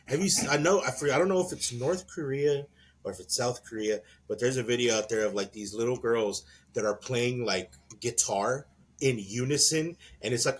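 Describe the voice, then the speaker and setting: Animated man telling stories with laughter. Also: mid-range voice, husky. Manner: animated storyteller, laughs a lot and acts out quotes. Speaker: podcast co-host. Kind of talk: casual chat.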